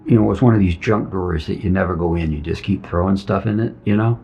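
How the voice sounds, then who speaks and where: Earnest gravelly middle-aged man. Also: low-pitched, fast. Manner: earnest, acts out the dialogue. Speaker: veteran telling his story. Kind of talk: personal testimony. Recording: dull lo-fi recording with soft music. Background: soft music.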